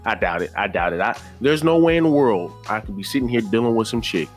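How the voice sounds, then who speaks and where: A man's voice: lowish voice, expressive, fast talker, soft background music. A man hosting a commentary channel, giving blunt, repetitive, preachy opinions in casual slang. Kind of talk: reaction commentary.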